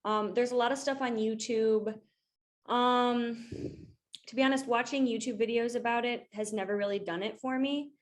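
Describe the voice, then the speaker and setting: A woman hosting an interview, asking questions in a friendly, halting way with many ums. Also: a little high, fairly even intonation. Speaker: interview host. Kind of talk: casual interview talk.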